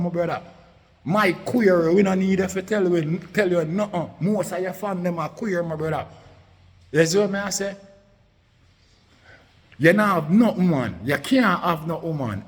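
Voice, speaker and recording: A Jamaican man rants angrily at someone online in thick patois, cursing freely and talking down to him. His voice sits a little high for a man. The recording carries a long, hanging reverb. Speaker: online commentator. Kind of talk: angry rant aimed at a rival.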